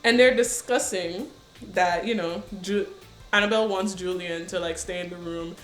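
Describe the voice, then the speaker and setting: A woman's voice: lowish voice, normal speed. Lady gushing about a book, laughs a lot, slangy, roomy echo, faint music. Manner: animated, laughs often, slangy asides. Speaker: book reviewer reading aloud. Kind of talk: casual book chat with read passages.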